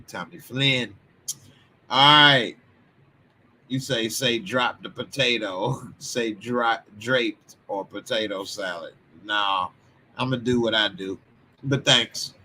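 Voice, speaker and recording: A man's voice: on the low side, slight background noise. A man from Texas, hosting a casual commentary stream and chatting loosely through viewer comments in slang. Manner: loose, slangy, chatty asides with sudden loud bursts. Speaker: commentary channel host.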